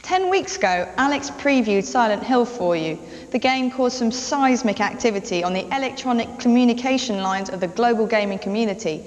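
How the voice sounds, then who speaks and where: A woman's voice: fairly high pitch, lively intonation, fairly quick, hardly any pauses, in a large hall, lo-fi sound, slight background noise. A woman presenting a video game TV show with a sarcastic, mocking manner. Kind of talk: scripted presenting.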